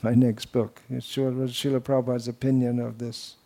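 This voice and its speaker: Man, devotional lecture, rambling anecdotal delivery, mocking asides, middle pitch. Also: little pitch movement, fairly quick, vocal fry, dark tone. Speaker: spiritual teacher.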